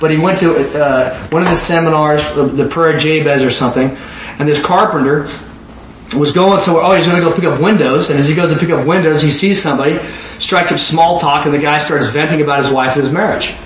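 A man preaching and telling stories, animated, often repeating words and acting out the people he describes. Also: on the high side, brisk, roomy sound, slight background noise, rough recording. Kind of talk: storytelling sermon.

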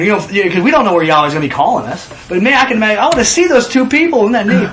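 High-voiced man leading an animated Bible study. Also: very fast, few pauses, a little hiss or hum, poor audio. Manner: animated, acts out scenes in voices. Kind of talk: home Bible study teaching.

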